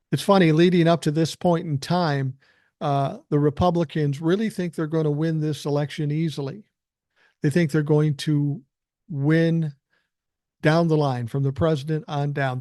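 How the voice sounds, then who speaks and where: A man's voice: on the high side, a little mellow, no echo, clean studio sound. An older man from South Minneapolis, hosting a podcast and ranting heatedly, mocking and swearing as he reads viewer comments. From South Minneapolis, USA. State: out of breath. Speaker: podcast host. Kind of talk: ranting live stream commentary.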